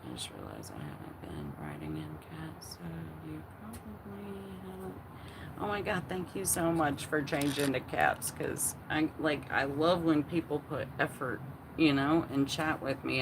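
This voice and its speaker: A woman's voice: sits low, very animated, normal speed, background noise. A woman in her forties hosting a casual livestream at home, chatting and answering her chat in a rambling way, full of fillers and restarts. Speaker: livestream host.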